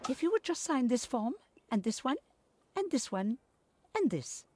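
An actress playing an officious female bureaucrat in a video game, brisk and primly polite. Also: high-pitched, very animated, background noise. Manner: brisk, prim paperwork politeness.

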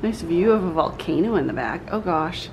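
A woman's voice: lowish voice, expressive, moderate pace, noisy background. A woman making dry, understated remarks in casual chat. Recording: music playing behind.

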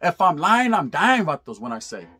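Husky-voiced man telling a rough story. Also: on the high side, normal speed. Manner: animated, profane, heavy street slang. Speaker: storyteller vlogger. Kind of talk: casual storytelling.

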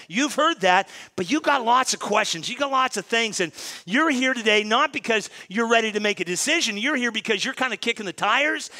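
A male pastor preaching a sermon in a church sanctuary, lively and talking straight to the congregation with frequent questions. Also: high voice.

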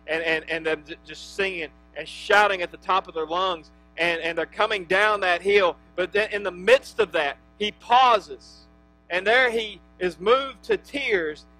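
A male pastor preaching an impassioned sermon, swinging from hushed to emphatic and restarting phrases with many fillers. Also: high-pitched, normal speed, soft background music, rough recording.

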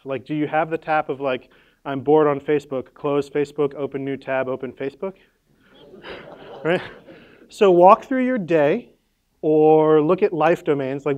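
A man's voice: a little high, darkish tone. A man presenting at a conference workshop, casual and playful, with lots of "like" and "right?" and the odd sound effect.

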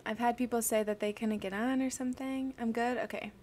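Young female streamer, slightly high voice, bubbly and gushing, casual livestream chat greeting viewers. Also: fairly even intonation, brisk, darkish tone, slight background noise. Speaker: streamer solving crosswords.

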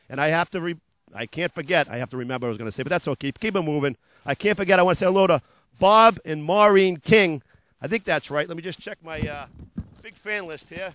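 A hoarse man pitching cars on local TV in a high, ringing voice, close and dry with no room sound. He is upbeat and jokey, trips over his words, then shrugs it off and keeps selling. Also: fast, fairly bright tone, no echo. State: hoarse from lost voice. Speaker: car salesman hosting a TV show. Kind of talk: local TV car sales pitch. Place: car dealership lot.

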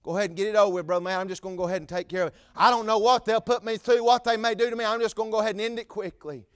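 A man voicing a frightened jailer who repeats his plea, in the preacher's own high voice. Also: steady tone, racing, clean tone, no room sound, clean studio sound, natural voice. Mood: despairing. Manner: pleading, repeating himself. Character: frightened male jailer begging for help.

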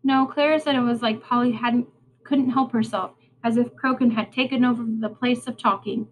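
A woman voicing a concerned mother who asks calm questions, in a storybook reading. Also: a little high, normal speed, slight background noise, close to an everyday voice, rough recording.

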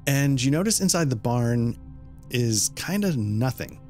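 A man's voice: mid-range voice, animated, unhurried, a little mellow, soft background music. A man narrating as game master of a horror role-playing game, casual and explaining with many fillers.

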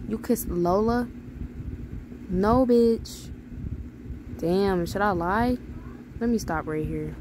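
A woman's voice: medium pitch, takes it slowly, pauses often, background noise. Sassy, profane young woman gamer. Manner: loud, profane, reacting and reading texts aloud with sass. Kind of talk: casual gameplay commentary.

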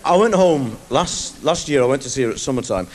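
A man's voice: medium pitch, lively intonation, brisk, darkish tone. A man with a Manchester accent telling rambling, comic stories as a stand-up comedian, live in front of an audience. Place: live venue before an audience. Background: audience laughter.

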